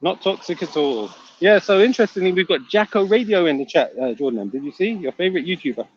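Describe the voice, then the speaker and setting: A man's voice: high-pitched, expressive, fast talker, dull audio. A man hosting a livestream, reading viewer comments aloud and teasing the chatters. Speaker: livestream host reading chat. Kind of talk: casual livestream chat.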